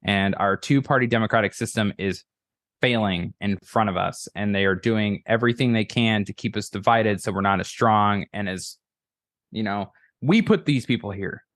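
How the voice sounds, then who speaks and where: A man's voice: fairly low pitch, normal speed, fairly bright tone, dry recording, studio quality. A man on a podcast as a guest, chatting casually and rambling profanely about politics with many restarts.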